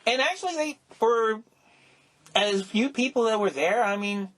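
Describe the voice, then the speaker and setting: A middle-aged man co-hosting a casual podcast, rambling and animated, with many restarts and exclamations. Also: high-pitched, a little slow. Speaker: podcast co-host. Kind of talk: casual chat.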